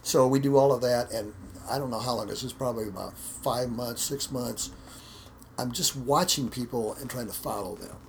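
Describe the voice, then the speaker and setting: Gravelly American man, interview guest, loose anecdotal delivery, faint noise floor. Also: medium pitch, moderate pace. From United States. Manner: rambling, repeats words, acts out quotes. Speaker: interview guest, martial arts instructor. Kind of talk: casual storytelling interview.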